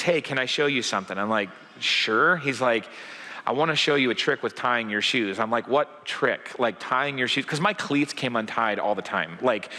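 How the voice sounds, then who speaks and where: A man's voice: medium pitch, sharp tone. A man preaching a sermon as pastor, talking in a loose, conversational way with many fillers and acted-out quotes. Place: church sanctuary. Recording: church hall with long reverb.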